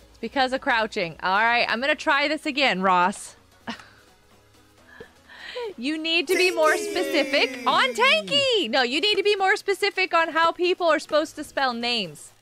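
A woman's voice: high-pitched, animated, normal speed, music in the background. A woman streaming a game, chatting casually with her viewers, answering chat aloud and laughing often.

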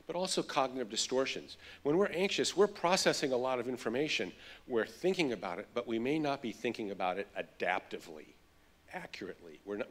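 A middle-aged man, a child psychologist, giving a keynote lecture and telling stories with animation. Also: mid-range voice. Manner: animated storytelling.

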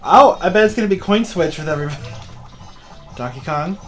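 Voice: medium pitch, animated, fairly quick. A young adult player telling rambling stories and cursing at bad luck while playing a party game with friends. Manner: storytelling, exasperated outbursts. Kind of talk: casual let's-play banter. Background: game music.

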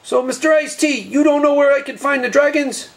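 A man voicing an earnest nerdy boy with glasses and a BB gun in a home-made comedy movie, delivering lines deadpan. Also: very high-pitched, a little fast, gravelly. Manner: deadpan, plodding announcement-style lines.

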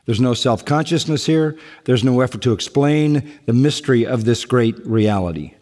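A man's voice: mid-range voice, moderate pace, darkish tone. A man preaching a sermon, emphatic, and he often repeats key phrases. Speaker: pastor. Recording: long echo of a large hall.

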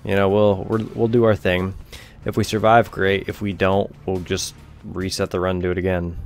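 A young man giving rambling, offhand let's-play commentary over a video game, swearing casually. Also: low voice. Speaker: gameplay commentator.

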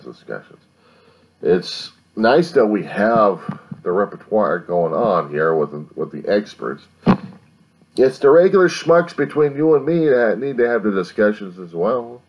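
A man in his fifties from the United States rambles through a late-night monologue at home to a camera he set up himself, musing and grumbling. He keeps his husky bass voice down so as not to wake the neighbors, and the recording sounds muffled.

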